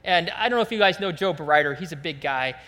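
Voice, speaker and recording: A man preaching a sermon, telling a lively, joking story and acting out voices as a pastor. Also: a little high, quick pace, in a large hall. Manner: animated, jokey storytelling, acts out voices.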